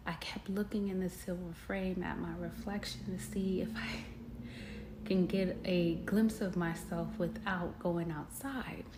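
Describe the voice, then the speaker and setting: A young woman hosting a podcast, telling a personal story in a candid, emotional way, laughing often and calling listeners y'all. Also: lowish voice. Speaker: podcast host. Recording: echoey room, faint background noise.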